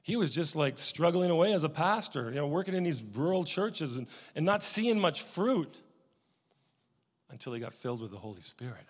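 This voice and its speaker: A man preaching a sermon, telling stories with many restarts and swings from loud emphasis to hushed tones. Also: fairly high pitch, big pitch swings, normal speed, long reverb tail. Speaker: pastor.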